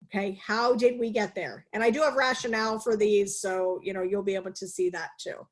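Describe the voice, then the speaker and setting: A woman nursing instructor giving a live online lecture over a video call, energetic and teacherly, asking questions and answering them herself. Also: medium pitch, fairly quick.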